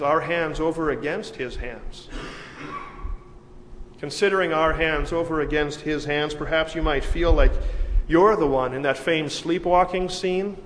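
A man preaching a sermon in a measured way, slowing down for dramatic emphasis. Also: on the high side, fairly bright tone. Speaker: pastor. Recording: long reverb with faint background noise.

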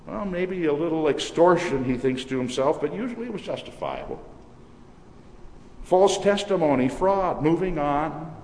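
A man's voice: on the high side, very animated, unhurried, a little mellow. Man preaching in an echoey church. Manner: dramatic storytelling with varied emphasis. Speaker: pastor. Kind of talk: sermon. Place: church sanctuary. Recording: echoey church hall, faint noise.

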